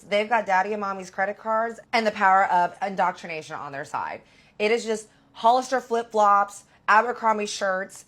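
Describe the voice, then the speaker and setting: Woman in her 30s doing a storytime, lively up-and-down delivery, bit husky. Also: medium pitch. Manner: animated, dramatic, lots of "like" fillers. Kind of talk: casual storytime narration.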